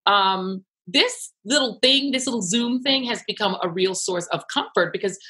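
A woman journalist chatting in a casual interview, animated and emphatic, laughing often. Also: medium pitch, moderate pace. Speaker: TV news journalist and guest.

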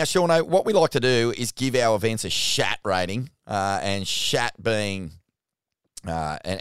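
A man co-hosting a podcast in casual chat, excitable and swearing freely. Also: mid-range voice, smooth, dry recording, clean studio sound. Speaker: podcast co-host.

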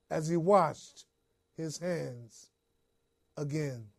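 A man preaching a dramatic first-person sermon story in a high-pitched voice. He takes his time, drawing out each phrase. Repeated refrains sink to a hush. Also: lively intonation, slow, long pauses.

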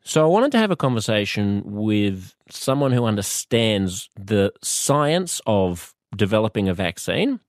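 A man with an Australian accent hosting a podcast, speaking in a thoughtful, measured monologue with pauses and restarts. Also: lowish voice, big pitch swings, no echo, clean studio sound. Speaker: podcast host. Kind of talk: reflective monologue.

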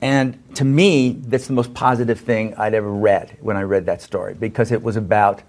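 A man interviewing a guest in a warm, supportive way. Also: fairly low pitch, steady tone, moderate pace. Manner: encouraging, supportive. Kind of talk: interview questions.

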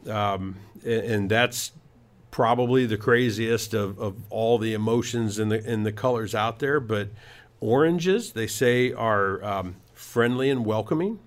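Man, low voice, very slow pace, casual home improvement host, rambling, lots of fillers. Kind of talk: casual radio-style talk.

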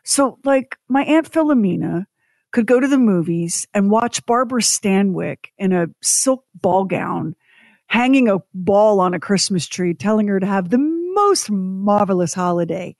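A woman co-hosts a radio talk show in a mid-range, darkish voice, animated but unhurried, recorded with studio quality and no room sound. Chatty and casual, she tells stories and now and then mimics other people's voices.

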